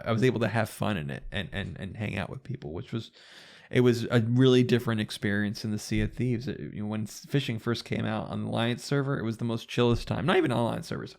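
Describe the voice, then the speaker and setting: A man's voice: on the low side, creaky. A man chatting casually as a guest on a gaming podcast, rambling and restarting his sentences with enthusiasm.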